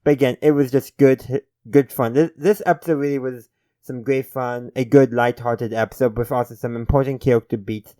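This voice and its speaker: Smooth-voiced man rambling through a review. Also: medium pitch, fairly even intonation, normal speed, mellow, no echo. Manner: rambling, self-correcting, chuckling; friendly sign-off to viewers. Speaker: TV episode reviewer, channel host. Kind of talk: casual spoken review.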